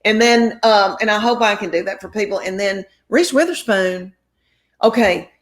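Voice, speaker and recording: A woman spins rambling showbiz stories. She acts out every quote and keeps the chat lively and casual. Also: medium pitch, normal speed. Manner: rambling, animated anecdotes with quoted dialogue. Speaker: comedian guest. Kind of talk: storytelling interview chat.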